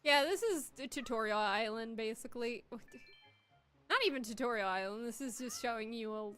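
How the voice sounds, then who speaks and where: A woman's voice: on the high side, moderate pace, fairly bright tone, soft background music. A woman giving casual, chatty let's-play commentary, swearing and poking fun at herself. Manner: chatty, swearing, self-mocking. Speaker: gaming streamer.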